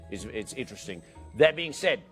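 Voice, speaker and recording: A man's voice: mid-range voice, very animated, a little fast, fairly bright tone, soft background music. A man voicing a roguish, wine-loving male satyr bard who rambles in a sly, conspiratorial way.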